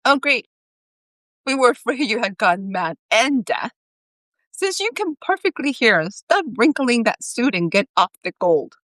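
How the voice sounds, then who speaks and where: A woman's voice: a little high, very animated, unhurried, fairly bright tone, no echo, voice pushed up. Woman reading as a dry, sardonic old saint. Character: wry saint at heaven's gate, older man.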